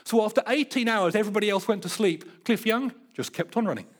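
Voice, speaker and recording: A man's voice: high voice, fast talker. A middle-aged man preaching a sermon, earnest and building emphasis, with playful storytelling. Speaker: pastor.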